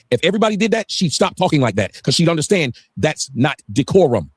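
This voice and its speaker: A man with a rather high voice talks very fast on a livestream and swings his pitch up and down. He rants emphatically and swears a lot, and his voice sounds dry and close. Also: very animated, husky, no room sound. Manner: emphatic, profane ranting. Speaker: guest on a livestream. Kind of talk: heated livestream talk.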